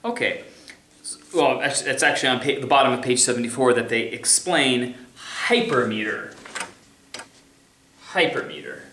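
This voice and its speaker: A man's voice: medium pitch, expressive, moderate pace, pauses often, bright, forceful tone, slight background noise. A man teaching music theory in a recorded remote lecture, talking casually and scatting rhythms to show them. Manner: casual, sings and scats rhythms to demonstrate. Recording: echoey room.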